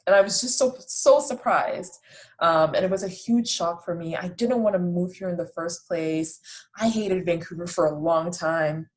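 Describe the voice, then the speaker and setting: A woman in her late twenties hosts a podcast, and her voice sits low for a woman. She tells her own story in a loose, chatty way, poking fun at herself and often restarting sentences as she goes. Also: moderate pace, low-quality recording. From raised in the Netherlands. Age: late 20s. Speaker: podcast host. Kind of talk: casual personal storytelling.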